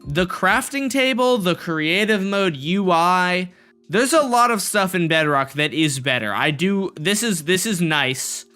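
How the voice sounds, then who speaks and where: A young man live-streams a block game and rambles goofily to his chat as he builds. His voice sits a bit high with a bright, forward edge, and faint music plays under him. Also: animated, a little slow. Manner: goofy, rambling, talks to chat while playing.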